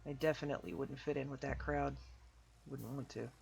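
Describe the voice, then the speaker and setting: A man's voice: medium pitch, steady tone, brisk, vocal fry, faint music behind. A man commenting casually while playing a story game on a live stream.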